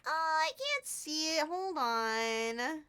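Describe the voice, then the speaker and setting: A woman live-streaming a game, chatting casually with viewers and gushing with excitement over what she finds. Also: high-pitched, takes it slowly. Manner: excitable, gushing and squealing with delight; chatty, addresses viewers as sweethearts.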